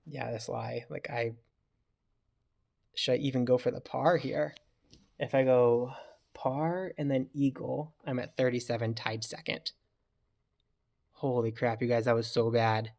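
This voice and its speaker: A man giving casual, chatty commentary over his own gameplay as a video creator, reacting loudly when a throw goes wrong. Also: mid-range voice, flat delivery, unhurried, vocal fry, long pauses. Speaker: gaming YouTuber.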